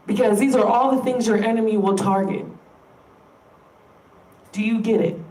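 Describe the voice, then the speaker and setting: A woman vlogger vents to her audience, emphatic and exasperated, cursing without holding back. Her voice sits a little high and carries the roomy echo of a space with the mic set some way off. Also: steady tone, normal speed, warm tone. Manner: frustrated, emphatic, swears freely. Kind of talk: direct-to-camera rant. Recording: roomy sound, distant from the mic.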